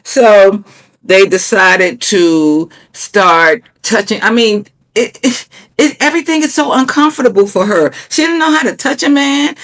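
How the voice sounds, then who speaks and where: Woman, reality TV reviewer; sassy, blunt, swears, animated pitch spikes when outraged. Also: a little slow. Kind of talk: casual commentary.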